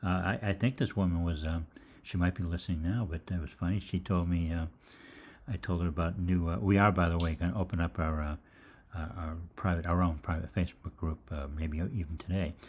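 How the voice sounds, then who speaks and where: A man's voice: deep voice, steady tone, a little fast, darkish tone. An older man hosting a live health Q&A, telling rambling, jokey anecdotes with casual swearing.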